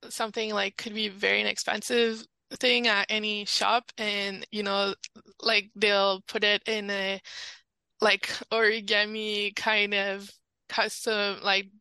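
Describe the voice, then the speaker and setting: A woman's voice: medium pitch, level tone, measured pace, sharp tone, clean tone, dry recording, poor audio. A woman with a French Canadian accent, a podcast guest chatting casually and filling her sentences with "like". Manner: chatty, many "like" fillers. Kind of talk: casual chat.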